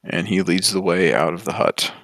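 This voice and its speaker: A man narrating as game master in a tabletop game, animated with fillers. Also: low voice, moderate pace, dry recording, clean studio sound. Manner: animated, many fillers and restarts.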